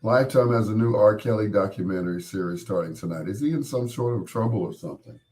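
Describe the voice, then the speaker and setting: A middle-aged man with a lowish, darkish voice talks fast while hosting his live stream. He's still getting his voice back after being sick, and he rambles and cracks jokes in a casual chat aimed straight at his viewers.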